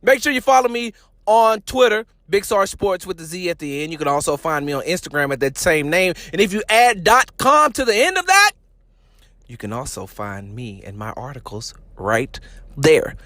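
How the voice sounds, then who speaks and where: Brief: male podcast host, high voice, playful joker, dry close sound. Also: sing-song, moderate pace, bright, forceful tone, dry recording. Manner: joking, playful storyteller who acts out quotes. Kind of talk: casual sports talk podcast.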